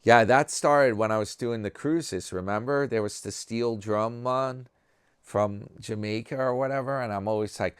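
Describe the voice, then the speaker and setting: A man's voice: medium pitch, moderate pace, clear, resonant tone, no room sound, studio quality. A man hosting a vlog in casual chat, reading viewer comments aloud with a wry, chatty manner.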